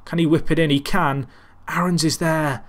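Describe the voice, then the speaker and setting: A man with a bright, slightly high voice keeps a steady tone at a normal pace. As a gaming commentator in a relaxed Let's Play, he narrates a match in his football management game like a broadcaster, rambling and self-deprecating throughout.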